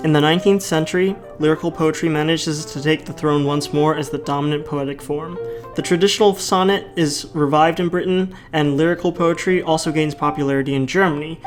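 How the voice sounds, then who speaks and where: A man reading a school presentation from a script in a steady voice. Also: a little high. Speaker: student presenter. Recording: soft guitar music behind.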